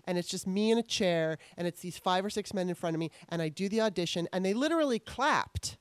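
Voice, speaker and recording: A woman's voice: on the low side, animated, a little fast, clear, resonant tone, dry recording. A middle-aged woman interviewer telling candid stories in a rambling, restarting way. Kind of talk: casual interview storytelling.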